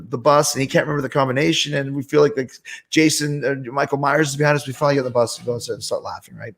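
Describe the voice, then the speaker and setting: A man hosting a show, telling animated, profane anecdotes in casual chat. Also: mid-range voice, quick pace, gravelly, slightly rough. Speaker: host. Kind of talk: casual storytelling.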